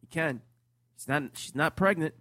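A man's voice: fairly high pitch, normal speed, bright, forceful tone, no room sound, studio quality. A man co-hosting a podcast, teasing the host in a mock-serious way during casual chat.

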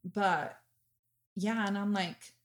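A woman's voice: medium pitch, steady tone, slow. A woman hosting a podcast in casual chat, chatty and gushing, with many fillers. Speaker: podcast host.

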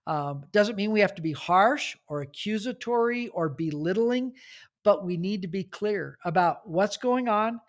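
A middle-aged man, a church leadership author, speaking in a podcast interview, earnest and telling stories with pauses. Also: sits high, animated.

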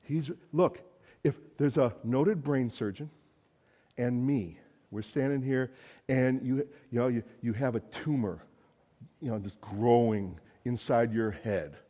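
A male pastor delivers a sermon in a loose, conversational storytelling manner. His voice is warm and mellow, and he drops casual asides as he goes. His pitch sits in an ordinary middle range. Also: takes it slowly.

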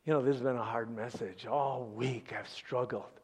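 A male pastor preaching a sermon as an animated storyteller with dramatic pauses. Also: mid-range voice, breathy edge, soft background music.

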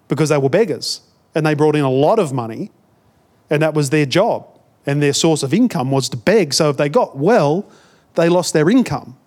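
A man's voice: fairly high pitch, a little mellow. A man with an Australian accent, a pastor giving a conversational sermon, often repeating words as he builds a point.

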